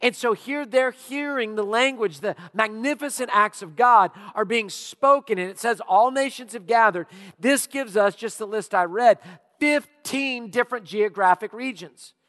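Man, high voice, preaching a sermon, animated storyteller, long reverb of a church hall. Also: moderate pace. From Louisiana. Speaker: pastor. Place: church auditorium.

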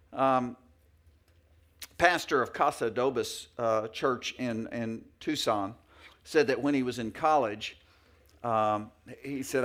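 A man's voice: a little high, a bit bright. A middle-aged male pastor preaching a sermon in a folksy, anecdotal way with many fillers and restarts.

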